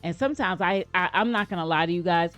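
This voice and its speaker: A woman's voice: on the low side, quick pace, a bit bright, soft background music. An American woman hosting a reaction video, chatting casually and speaking straight to her viewers with playful asides. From United States.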